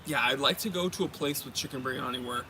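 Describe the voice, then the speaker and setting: A man's voice: mid-range voice, quick pace. A man hosting a casual chat, rambling with many fillers and joking around. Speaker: host. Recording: noisy background.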